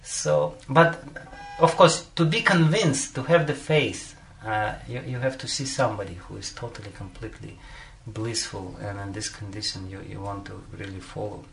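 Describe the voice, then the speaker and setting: A man's voice: lowish voice, moderate pace, creaky, few pauses, fairly bright tone. A man giving a devotional talk as a spiritual teacher, telling a story and often chuckling between phrases, with frequent "you know" fillers.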